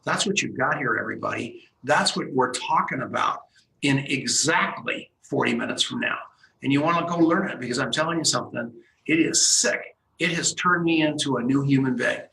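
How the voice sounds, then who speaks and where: A man hosting a radio talk show, telling an excited story with acted-out dialogue. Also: medium pitch, moderate pace, vocal fry, roomy sound, a little hiss or hum, rough recording. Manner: excited, animated storyteller who acts out dialogue.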